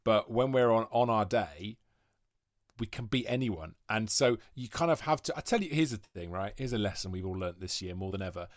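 A man in his forties from Wales, a podcast guest telling long rambling stories with quick asides in casual chat. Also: on the low side, expressive, no echo, studio quality. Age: 40s.

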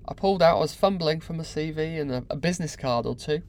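A man telling a personal story candidly to the camera. He is animated and repeats words for effect. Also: fairly high pitch, fast.

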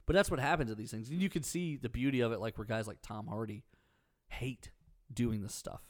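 A man co-hosting a podcast, telling animated stories in casual chat. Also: medium pitch, brisk, dry recording, clean studio sound. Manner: animated storyteller. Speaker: podcast co-host.

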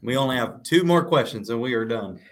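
A man hosting a religious talk show, with a voice of middling pitch. He speaks easily and tells stories loosely, filling pauses with small hesitations. Between stories he puts questions to his guests. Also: slight background noise. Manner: relaxed storytelling with fillers. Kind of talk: casual religious discussion.

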